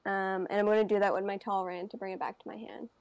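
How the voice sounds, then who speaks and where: A woman narrates her turn at a card game one step at a time, plain and matter-of-fact. Her voice sits at an ordinary pitch and sounds dry and close. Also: little pitch movement, quick pace, gravelly, a little mellow, dry recording, rough recording. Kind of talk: casual game-table chat.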